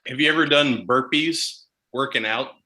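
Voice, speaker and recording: A man's voice: medium pitch, normal speed, low-quality recording. A man on a drum stream, chatting casually and joking about workouts. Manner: joking, animated storytelling. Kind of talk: casual chat.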